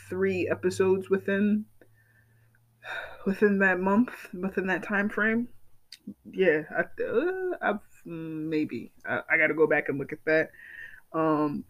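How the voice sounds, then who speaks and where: A man hosting his own podcast in casual solo chat, excitable and gushing, repeating himself and swearing freely. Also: high voice, highs cut off. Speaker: podcast host.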